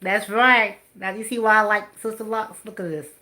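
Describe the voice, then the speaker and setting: A woman's voice: medium pitch, steady tone, normal speed, sharp tone. A woman hosting a casual live stream, chatting and laughing with her viewers. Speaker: channel host.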